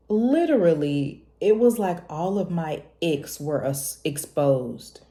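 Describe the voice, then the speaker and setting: Young woman, low warm voice, animated confessional vlog talk. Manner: animated, preachy, laughs often, jumps high when quoting herself. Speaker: vlogger. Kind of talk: casual confessional talk to camera.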